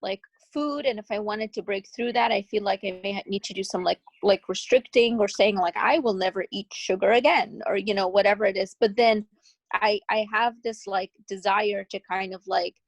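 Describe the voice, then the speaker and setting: A woman's voice: mid-range voice, fairly even intonation, moderate pace, no echo, rough recording. A woman in a therapy group asking a question hesitantly, with many fillers. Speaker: group member.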